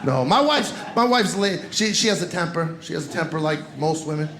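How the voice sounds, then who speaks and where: A man's voice: a little high, lively intonation, a little fast, fairly bright tone. A man doing a stand-up comedy set, teasing the audience with punchy crowd work. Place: comedy club stage. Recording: roomy club with crowd noise. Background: audience laughter.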